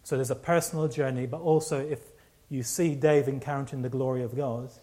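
A man's voice: medium pitch, fairly even intonation, brisk, mellow. A man preaching a sermon, telling a personal story with many restarts and repeats.

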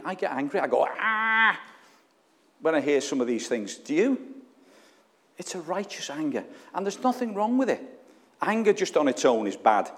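A man's voice: mid-range voice, darkish tone. A man preaching a sermon, earnest and emotional, putting questions to the congregation. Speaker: pastor. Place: church. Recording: long reverb of a church hall.

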